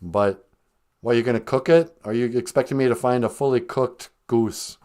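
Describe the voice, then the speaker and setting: A man's voice: mid-range voice, moderate pace, warm tone, close to an everyday voice. A man voicing a sassy street boy who talks back cheekily. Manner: cheeky, mouthy.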